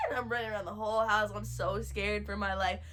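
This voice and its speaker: A young woman telling a funny childhood story in a casual storytime, animated and dramatic, laughing as she goes. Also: mid-range voice, fast talker, very noisy. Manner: animated and dramatic, shouting and wailing re-enactments.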